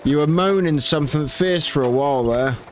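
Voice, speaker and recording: A man's voice: fairly high pitch, brisk, slight background noise, lightly acted. A man voicing a chatty, easygoing old male peddler with a folksy, reassuring way of talking while reading game dialogue aloud.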